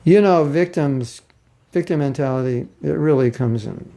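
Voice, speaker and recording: A man's voice: fairly high pitch, normal speed, vocal fry, mellow. A man giving an informal spiritual class, chuckling as he talks and acting out the voices of people he quotes.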